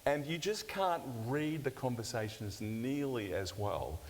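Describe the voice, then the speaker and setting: A man's voice: mid-range voice, animated, unhurried. An older man, a pastor teaching a seminar session in a conversational, self-deprecating way with light humour. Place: church hall. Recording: long church-hall reverb, faint hiss.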